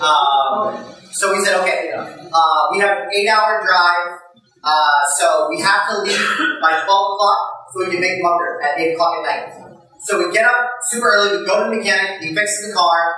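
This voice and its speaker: A man telling a comic story to a live audience in a cafe, animated and jumping high when he quotes himself. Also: slight background noise. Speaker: storyteller speaker. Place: cafe event space. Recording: echoey live room from far off.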